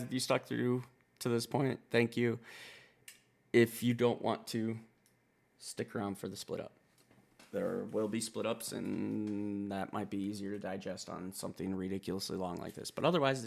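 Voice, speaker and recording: A man's voice: lowish voice, gravelly. A man hosting a music reaction video, talking in a laid-back, rambling and profane way. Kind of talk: casual album reaction commentary.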